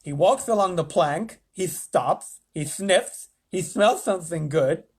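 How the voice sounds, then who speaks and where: Man putting on a smug storybook president, gleeful and theatrical, husky edge. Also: high-pitched, expressive, slow pace, voice pushed up, heavily acted. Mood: boastful. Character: boastful self-satisfied male president.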